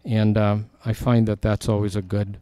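This earnest Bible teaching comes from a male pastor whose lowish voice is level, smooth, mellow, and warm, moving at normal speed. Scripture lines get lifted emphasis, and the recording is close and dry with no room sound.

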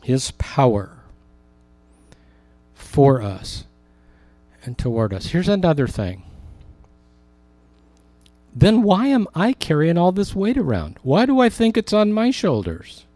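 A man preaching a sermon as a pastor, rising for emphasis and slowing down on key words. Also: fairly high pitch, wildly swooping pitch, mellow, dry recording.

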